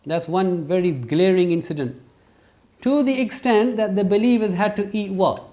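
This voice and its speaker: A man with a high voice speaks at a moderate pace while teaching a religious lesson in a classroom. He keeps the session interactive and lively, quizzing his students and driving home his points with emphasis.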